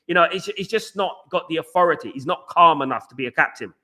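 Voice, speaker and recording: A young man hosting a live chat show, talking fast with lots of fillers and repeats, reading out viewer comments. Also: a little high. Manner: rapid, animated, repeats himself, lots of fillers. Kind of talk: casual live-stream chat.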